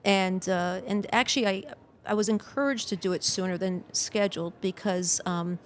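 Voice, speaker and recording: A woman's voice: mid-range voice, steady tone, moderate pace, a little hiss or hum. Rambling woman guest on a podcast. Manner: rambling, frequent "you know" and "uh". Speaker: podcast guest, pet health advocate. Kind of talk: casual podcast conversation.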